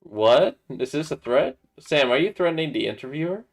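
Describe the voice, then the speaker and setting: A young man with a higher-pitched voice and lively intonation hosts a gaming livestream at a moderate pace, chatting loosely with friends. He hesitates a lot, stammering and filling gaps with "uh" and "um".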